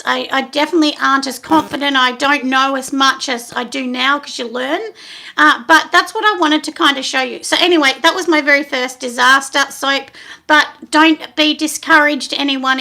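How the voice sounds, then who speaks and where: Bright, high-voiced woman vlogging. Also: vocal fry. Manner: rambling and self-deprecating, frequent ums, laughs at herself. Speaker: soap maker and channel host. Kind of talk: casual chatty vlog.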